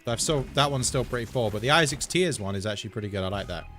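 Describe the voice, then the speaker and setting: A man's voice: mid-range voice, expressive, fast talker, fairly bright tone, soft background music. Chatty English man streaming a game. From England. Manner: chatty and digressive. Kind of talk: casual live-stream chat while gaming.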